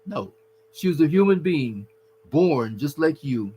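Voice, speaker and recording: A man's voice: on the high side, expressive, unhurried, dark tone, a little hiss or hum, low-quality recording. A man giving earnest, preachy relationship advice to husbands, calling the listener his brother. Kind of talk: casual advice talk.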